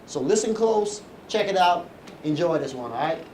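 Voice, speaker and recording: A man talks to a class of students as a visiting educator, upbeat and loose, with plenty of fillers and quick check-ins with the room. His voice sits slightly higher than most men's. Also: lively intonation. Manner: upbeat, many fillers, checks in with "all right?". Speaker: visiting hip hop educator.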